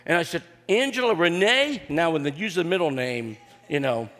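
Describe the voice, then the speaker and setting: An older male pastor with a slightly high voice delivers a homespun sermon full of humor and filler pauses. His voice rings with the long reverb of a large hall. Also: fairly bright tone. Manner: folksy and joking, with frequent "uh" fillers. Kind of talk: sermon with personal storytelling.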